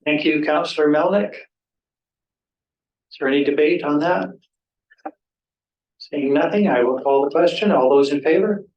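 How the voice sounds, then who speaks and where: A man chairs a formal council meeting in a measured, procedural way, pausing on frequent ums. His voice sits a little high for a man. He is picked up from across a reverberant chamber. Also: lo-fi sound. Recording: echoey room, voice from a distance.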